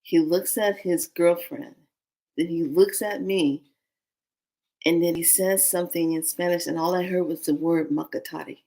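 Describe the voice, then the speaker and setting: Lively woman storyteller, low-pitched. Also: normal speed. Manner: animated, acts out dialogue in other voices; drops to a hushed whisper for tense moments. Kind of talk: personal storytelling.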